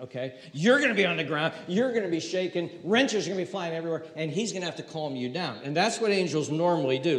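A man preaching in a chatty, animated way, acting out scenes for his listeners. His voice sits a little high and rings through a large hall with a long trailing reverb. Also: creaky. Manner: conversational, animated, acts out scenes. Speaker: pastor. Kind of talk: sermon.

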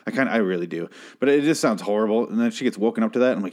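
Man, review host, casual solo recap, rambling, profane, sarcastic, fairly low voice. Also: animated, quick pace, a little mellow.

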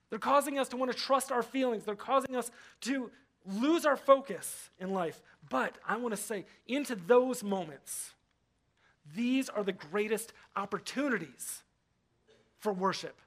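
A young adult man gives a sermon from the front of a church. His voice sits high for a man. He stays animated throughout, playing out other people's voices and repeating words for emphasis. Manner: animated, acts out quoted voices, repeats words when stressing a point. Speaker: pastor. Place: church hall.

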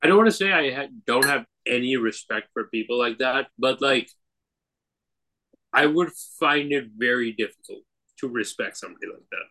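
A man's voice: mid-range voice, expressive, moderate pace, bright, forceful tone, rough recording. A man co-hosting a podcast in casual chat, blunt and emphatic, swearing as he talks. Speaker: podcast co-host.

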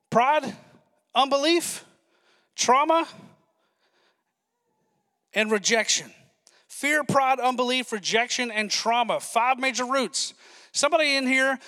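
High bright guy pastor preaching fast and excited, big church reverb. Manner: excited, fast-talking preaching with asides to the congregation. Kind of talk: sermon.

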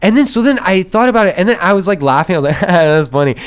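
Male podcast host, casual rambling storyteller, slightly high voice with very lively pitch, mimics others. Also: fast, clean tone. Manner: animated, rambling storyteller who acts out voices and laughs often.

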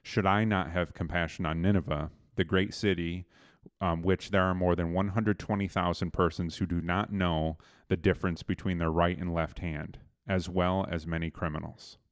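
A man's voice: low voice, steady tone, normal speed, no room sound, studio quality. A man casually retelling a Bible story to a co-host, loose and conversational, with fillers and restarts.

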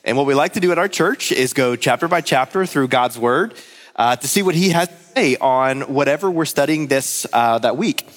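A man's voice: mid-range voice, normal speed. A man in his thirties, a pastor giving a conversational sermon to his church and telling stories. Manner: storytelling, lively and conversational. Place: church hall. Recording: long hall reverb.

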